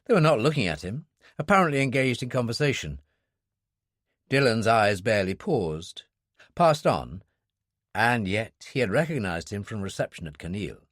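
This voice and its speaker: A man narrating a thriller audiobook in a steady, expressive storytelling voice. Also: lowish voice, moderate pace, no room sound, clean studio sound. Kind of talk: scripted narration.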